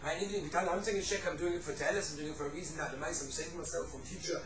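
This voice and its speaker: High, fast-talking man teaching a lively class. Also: echoey room, far from the mic, music in the background, low-quality recording. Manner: animated, acts out quoted speakers, sprinkles Yiddish and Hebrew terms. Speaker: Torah teacher. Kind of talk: casual halacha class.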